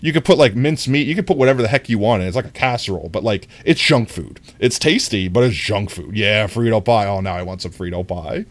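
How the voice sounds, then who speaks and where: Young man, low voice, very lively pitch, casual livestream chatter, rambling, self-correcting. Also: fairly quick, few pauses. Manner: excitable when greeting viewers. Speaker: streamer. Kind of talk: casual gaming livestream chat.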